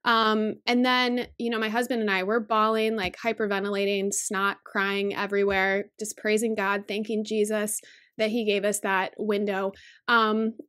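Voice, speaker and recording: A woman's voice: on the high side, a bit bright. A woman in her thirties hosting a budgeting vlog, talking in a chatty, earnest way with fillers and restarts. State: emotional, holding back tears. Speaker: budgeting channel host. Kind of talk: casual vlog talk.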